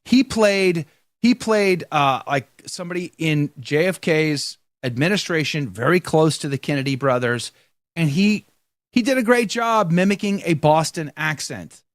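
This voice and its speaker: A man's voice: fairly high pitch, unhurried, no echo, studio quality. A man co-hosting a live talk show in casual chat, joking and reading viewer comments aloud. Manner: animated, jokey, reads viewer comments aloud.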